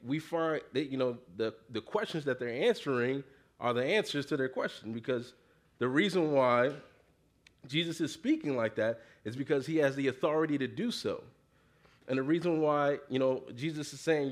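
In a medium-pitched voice, this preacher works through a scripture reading in an easygoing sermon. He uses slang, says "you know" constantly, and urges the congregation to call back to him.

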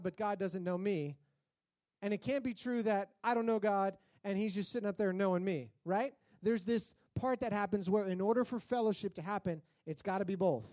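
High-voiced male pastor, conversational sermon. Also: no room sound. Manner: conversational storytelling with loud comic outbursts.

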